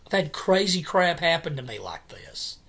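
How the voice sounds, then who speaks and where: A man's voice: fairly high pitch, big pitch swings, gravelly, a bit bright. Agitated man ranting at home. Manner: agitated, repetitive, halting restarts. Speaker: vlogger. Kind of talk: angry personal vlog rant. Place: home at night.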